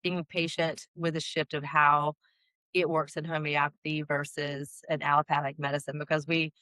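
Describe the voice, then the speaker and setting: A woman in her forties, a doctor hosting the session, telling stories in a lively, exclamatory way and acting out quoted dialogue. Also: low voice, moderate pace, no echo, rough recording. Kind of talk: casual conversational storytelling.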